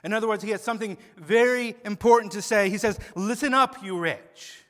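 A man preaching an expository sermon, swinging from hushed low tones to loud emphatic peaks and often repeating words as he starts a phrase. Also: a little fast. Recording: long hall reverb.

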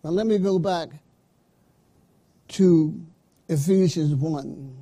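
A man preaching a sermon, slow and emphatic, calling out to his listeners. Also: fairly high pitch, warm tone. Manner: slow, emphatic preaching with call-outs to the congregation.

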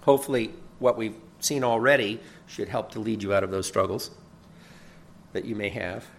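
A man's voice: fairly low pitch, fairly even intonation, moderate pace. A man preaching a sermon as a pastor, earnest and emphatic, often repeating a word as he builds a point. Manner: earnest preaching with rising emphasis, occasional chuckles and repeated words.

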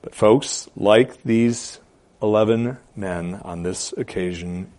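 A man preaching a sermon as pastor, with emphatic stresses, quiet asides and hesitant fillers between phrases. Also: on the low side, slow.

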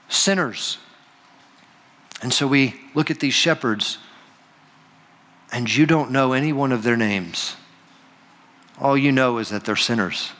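A man preaching a sermon as pastor, earnest, with dramatic pauses and quoted voices. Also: a little high, fairly bright tone. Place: church sanctuary. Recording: long reverb of a large hall.

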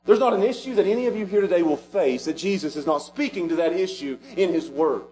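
A man preaching a sermon as pastor, animated and rising to shouts at the high points. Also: quick pace.

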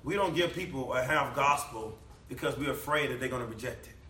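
A man preaching a sermon in a church hall, emphatic, swinging between loud declamation and low quiet passages. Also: fairly quick, recorded from a distance, a little hiss or hum. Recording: echoey room, voice from off the mic.

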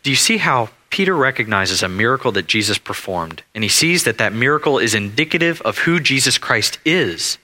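A male pastor preaching an expository sermon, repeating phrases with emphasis and slowing down on key words. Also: mid-range voice, expressive, pushed and bright.

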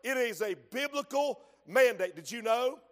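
A man's voice: very high-pitched, expressive, normal speed, fairly bright tone, long reverb tail. A man preaching a fervent sermon, punctuating his points with frequent amens.

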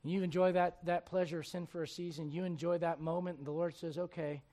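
A man preaching a sermon who swings between quiet, conversational asides and loud, emphatic exhortation, acting out the voices he quotes. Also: fairly high pitch, steady tone, brisk. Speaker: pastor.

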